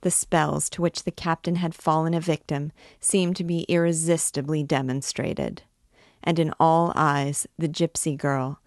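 A woman hosting a read-along, reading a classic novel in a measured, steady way. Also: low-pitched, no room sound, clean studio sound. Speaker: reader, host. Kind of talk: audiobook reading.

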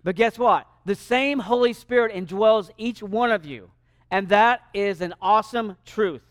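A man preaching a sermon in a church sanctuary, animated and shifting loudness for emphasis. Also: high-pitched, measured pace, dry recording, studio quality. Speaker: pastor.

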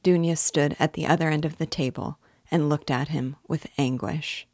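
A woman reading a classic novel aloud in a measured, calm manner as host. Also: deep voice, husky, no echo. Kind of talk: audiobook reading.

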